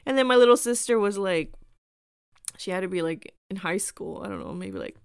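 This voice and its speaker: A woman's voice: medium pitch, huge pitch swings, quick pace, gravelly, clean tone, no room sound, clean studio sound. Chatty woman telling personal stories. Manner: chatty, filler-heavy, acts out quoted people. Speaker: storyteller. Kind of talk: casual personal storytelling.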